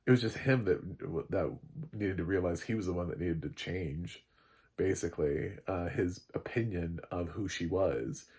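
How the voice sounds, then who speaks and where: A man giving a casual, rambling film recap, full of fillers and quick laughs. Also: low voice, darkish tone, husky. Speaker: film reviewer.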